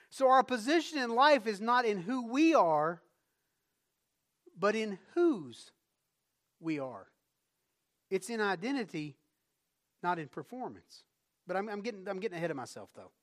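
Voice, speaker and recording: A male pastor with a high-sitting voice delivers a conversational sermon. He moves between quiet reflection and rising bursts of emphasis.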